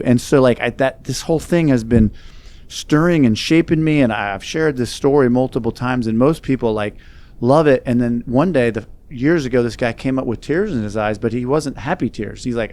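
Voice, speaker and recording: Guy guest telling a heartfelt story, earnest and reflective, average pitch. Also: normal speed, darkish tone. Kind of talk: storytelling in conversation.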